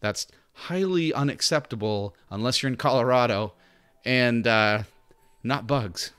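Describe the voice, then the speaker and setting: A man's voice: medium pitch, a little slow, a bit bright, clean tone. A man streaming a video game, chatting casually and talking to the game's characters. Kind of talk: casual gameplay commentary.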